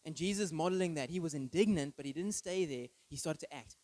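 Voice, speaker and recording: A man's voice: on the high side, fast, few pauses, a little mellow, dry recording, rough recording. Earnest preaching man, dry sound. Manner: earnest, emphatic preaching with rhetorical questions. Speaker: pastor. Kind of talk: sermon. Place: church.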